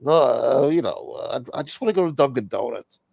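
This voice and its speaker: A sulky, grumbling movie star defending himself to his wife, as a man acts him out. The voice is gravelly and dry, with lively swings in pitch. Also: a little fast, dry recording, highs cut off, heavily acted. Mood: grumbling, defensive. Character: grumpy, sulky middle-aged male movie star. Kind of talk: comedic impression in a rant.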